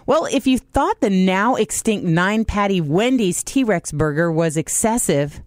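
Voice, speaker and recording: A woman's voice: medium pitch, animated, unhurried, no echo, clean studio sound. A woman presenting a short animal news update on radio, scripted with light, chatty asides.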